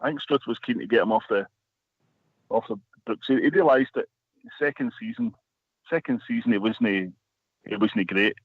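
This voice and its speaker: A man's voice: mid-range voice, normal speed, long pauses, no room sound. A man telling a long story as a radio guest, rambling with many restarts. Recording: phone line.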